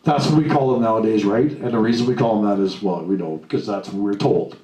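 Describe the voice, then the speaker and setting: A man giving a live motivational talk to an audience, blunt and animated, acting out the lines he quotes. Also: on the low side, quick pace. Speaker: motivational speaker. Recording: echoey room, mic at a distance, faint noise.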